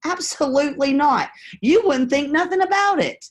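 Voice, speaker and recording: A woman's voice: high voice, animated, normal speed. Candid woman coaching on a live stream. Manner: candid, conversational, acts out phone scripts. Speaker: real estate investing coach.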